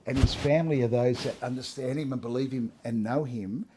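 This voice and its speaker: A man's voice: mid-range voice, fairly quick, noisy background. A middle-aged man, speaking earnestly in a casual interview about his faith, often restarting and saying "you know". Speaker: interviewee sharing his testimony.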